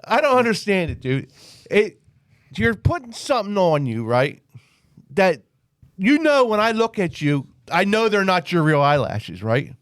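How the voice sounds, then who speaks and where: Animated ranting man, fairly high voice. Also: unhurried, no room sound, clean studio sound. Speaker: podcast co-host. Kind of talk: casual chat.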